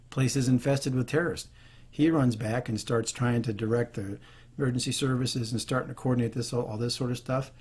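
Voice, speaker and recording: Choked up, this male host of a leadership video talks to camera without a script, earnest and frequently starting over. He has a husky, mid-range voice with a slightly dark tone.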